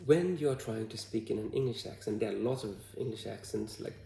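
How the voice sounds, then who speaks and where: Hesitant Bhutanese man, gravelly low voice. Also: dark tone, reverberant. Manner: hesitant, halting, with many fillers. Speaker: vlogger. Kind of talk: casual talk to camera.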